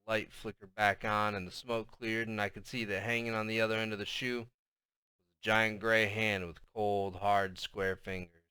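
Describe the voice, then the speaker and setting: A man narrating a novel in the first person with a bright, crisp voice in a dry, close recording. His storytelling is expressive, sinking soft and low when the tension builds. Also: moderate pace, dry recording. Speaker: audiobook narrator.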